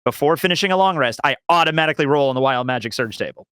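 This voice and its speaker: A man's voice: on the high side, lively intonation, racing, fairly bright tone, clear, resonant tone, dry recording, clean studio sound. A man playing a tabletop game, eager and focused on the rules. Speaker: player.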